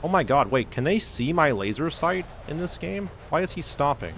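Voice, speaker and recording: While streaming a game, a man launches into a casual, profane rant, stuffing his speech with "like." His voice is on the high side, very animated and fairly bright, at a moderate pace, with slight background noise.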